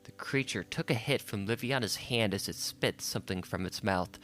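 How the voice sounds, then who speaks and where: A man narrating an audiobook in a measured, unhurried storytelling manner. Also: lowish voice, a bit bright, faint music behind.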